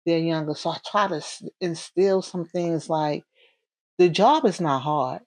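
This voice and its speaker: A woman in her forties with a Northern US accent, a correctional officer talking casually in an interview, bubbly and animated, acting out the voices in her stories. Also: deep voice, unhurried, no echo. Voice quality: bubbly, warm-hearted. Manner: animated, storytelling, acts out quoted voices.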